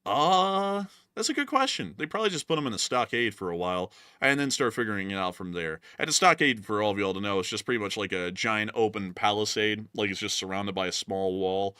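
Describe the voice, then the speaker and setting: A stream host with a low, bright, forceful voice that sounds a little strained today. He answers viewers casually, with drawn-out "uh"s, and his pitch jumps up suddenly in places. The sound is dry and close. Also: clean tone, no room sound. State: voice feels strained. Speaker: show host. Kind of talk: live stream super chat replies.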